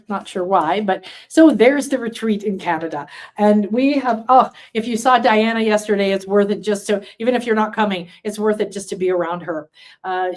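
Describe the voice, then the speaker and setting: Woman, spiritual teacher, live online class, casual rambling storytelling, answers viewer comments. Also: medium pitch. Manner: chatty, rambling storyteller with frequent fillers and restarts. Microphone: computer setup with screen sharing.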